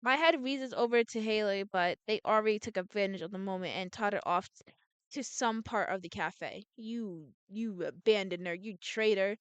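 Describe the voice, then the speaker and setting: A woman's voice: medium pitch, normal speed, clean tone, no echo. A woman reading a visual novel aloud as a gameplay streamer, voicing every character in her own voice and often restarting words.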